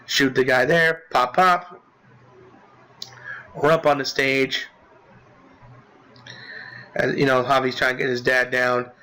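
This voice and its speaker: A man casually recapping a game he played, rambling with lots of filler words and restarts, swearing as he gets excited. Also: medium pitch, measured pace, long pauses, poor audio. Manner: profane, excitable. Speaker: gaming commentator.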